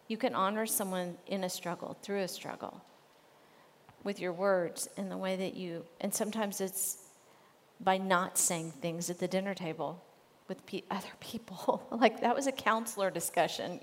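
A woman's voice: medium pitch, long reverb tail. A woman co-hosting a casual faith talk on marriage, earnest and conversational, with frequent fillers.

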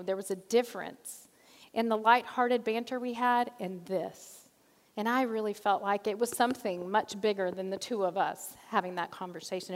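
A middle-aged woman, a church missions leader, giving an earnest, story-driven teaching talk. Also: mid-range voice. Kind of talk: sermon-style teaching talk. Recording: long reverb of a large hall.

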